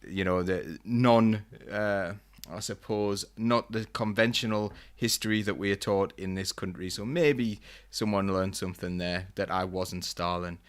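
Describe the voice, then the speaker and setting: A man hosting a live-streamed panel in a low, smooth voice. He stays chatty and relaxed as he reads out viewer comments. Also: unhurried, hardly any pauses. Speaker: host.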